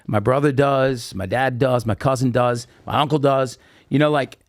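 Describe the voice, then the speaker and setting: A man's voice: medium pitch, moderate pace, no room sound, clean studio sound. A man guesting on a podcast, telling long casual anecdotes with lots of fillers and restarts. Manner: rambling, animated anecdotes with many fillers. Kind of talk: casual storytelling interview.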